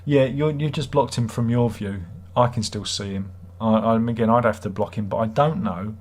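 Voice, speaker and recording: A man's voice: mid-range voice, normal speed, a little mellow. A middle-aged British man hosting a livestream, chatting in a rambling, wry, self-mocking way. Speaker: livestream host. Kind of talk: casual livestream chat.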